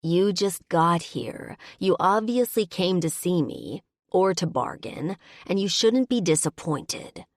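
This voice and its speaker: A woman voicing a big, possessive male werebear lover who talks low, commanding and teasing. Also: expressive, slow, few pauses, no room sound, clean studio sound.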